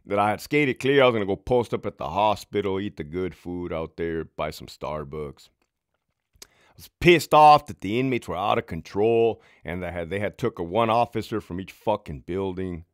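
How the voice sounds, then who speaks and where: A man's voice: low-pitched, lively intonation, moderate pace, no echo, clean studio sound. Man telling a profane, heated story. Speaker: former prison sergeant. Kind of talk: casual storytelling to camera.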